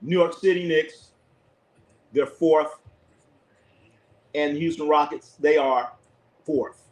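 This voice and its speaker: A man with a mid-range voice is heard over slight background noise in a low-quality recording. As host of a live basketball stream, he gives casual game commentary to his chat, calling plays, offering strong, profane views, and repeating himself often.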